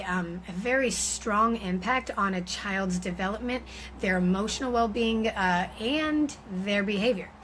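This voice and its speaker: A woman's voice: medium pitch, fairly bright tone, a little hiss or hum, low-quality recording. A woman giving an informal teaching talk on parenting, speaking conversationally with frequent fillers and restarts.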